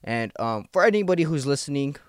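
A man's voice: mid-range voice, lively intonation, fast, clean tone, dry recording, studio quality. Irritated, rambling young man podcasting. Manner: rambling, profane, restless and agitated. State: tired after a night shift. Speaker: podcast host. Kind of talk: casual solo podcast monologue.

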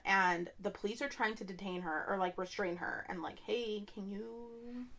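A woman's voice: lowish voice, fairly even intonation, fairly quick, fairly bright tone, slight background noise. A woman co-hosting a true-crime podcast, telling the case in a blunt, joking chat and swearing freely. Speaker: podcast co-host.

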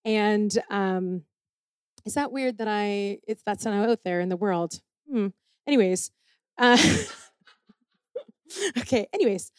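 A woman telling a personal story in an animated, self-deprecating way, acting out the people she quotes. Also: medium pitch, slow pace, pauses often, clear, resonant tone, no echo, clean studio sound. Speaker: speaker sharing a personal testimony.

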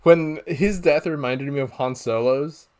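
A slightly high-voiced young man co-hosts a podcast, reviewing a movie in relaxed conversation at a measured pace. He's animated, performing quotes from the film and laughing along.

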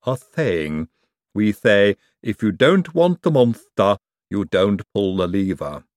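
A solemn manservant from a storybook speaks in a measured, matter-of-fact way, as a male narrator puts him on. His pitch moves freely even while his tone stays grave. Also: no echo, clean studio sound. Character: solemn servant with odd folk sayings.

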